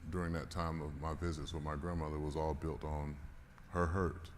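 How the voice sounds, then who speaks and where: At normal speed and with little pitch movement, a very deep-voiced conference speaker tells a frank, emotional story, swearing and laughing from time to time. The recording has the reverb of a large hall and faint noise.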